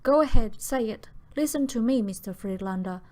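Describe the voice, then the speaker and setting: A woman's voice: a little high, normal speed, a little mellow, lightly acted. A woman voicing a weary grieving father who speaks in a restrained, clipped way. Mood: tense, guarded.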